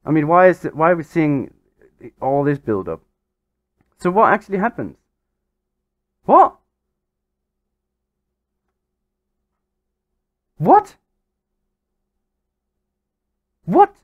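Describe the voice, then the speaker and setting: A man hosting a gaming channel, giving excitable, exasperated let's-play commentary over a football management game. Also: on the high side, moderate pace, long pauses, no echo, dull audio. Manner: exasperated, excitable, swears mildly.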